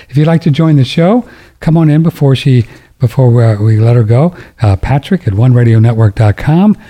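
Older male talk radio host, very dark tone, loose and jokey, self-interrupting. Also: mid-range voice. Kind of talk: casual talk radio with ad reads.

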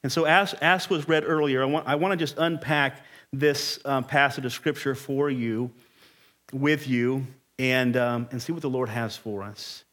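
A man's voice: mid-range voice, fairly even intonation, a little slow, a bit bright. A man preaching a Sunday morning sermon as pastor, emphatic and rising in intensity.

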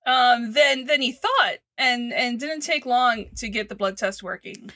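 Female podcast co-host, high and bright, lively storyteller with a salty tongue. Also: measured pace, no echo. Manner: animated storytelling, swearing, laughing often. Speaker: podcast co-host recapping a TV show. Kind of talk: casual chat.

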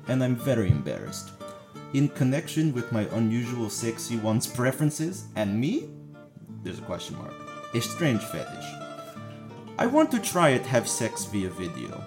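A hammy, seductive spam-email lady with a thick put-on Russian accent, done by a man. Her broken English bounces up and down in pitch, and a soft thread of guitar music sits faintly behind her.

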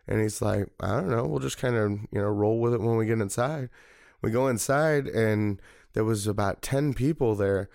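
Speaking at a normal speed, this Missouri man has a low-leaning, creaky voice captured in a dry, clean studio recording. He's a party committeeman guesting on a casual interview, rambling easily through a long story full of filler words.

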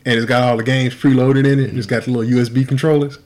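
A man co-hosting a casual podcast, talking emphatically and with lots of profanity, rising to loud exasperation. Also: mid-range voice, little pitch movement, racing. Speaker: podcast co-host.

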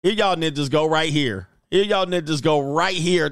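A man doing casual reaction commentary as a YouTube commentator, slangy and prone to loud exclamations. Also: on the high side, moderate pace, smooth, no echo, clean studio sound.

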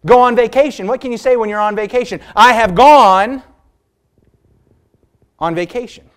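A man preaching a sermon, emphatic, drawing out key words slowly and putting rhetorical questions to his listeners. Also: clear, resonant tone. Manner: emphatic, stretches key words slowly and rises in pitch for stress; asks the congregation rhetorical questions.

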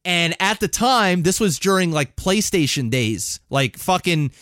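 A man's voice: sits high, unhurried, dry recording, studio quality. A man co-hosting a podcast, telling a long childhood story in a rambling, profane, casual way. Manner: rambling, profane, animated when excited. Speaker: podcast co-host.

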